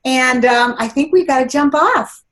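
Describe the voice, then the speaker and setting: A woman speaking quickly and enthusiastically as she gives closing remarks to a group conference call. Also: high-pitched, fairly bright tone. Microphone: phone or computer on a conference call.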